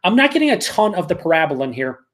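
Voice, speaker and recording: A man hosting a live beer review, ranting excitedly with plenty of swearing and reading viewer comments aloud. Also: high-pitched, racing. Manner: excited, profane and rambling. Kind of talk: casual live-stream rant.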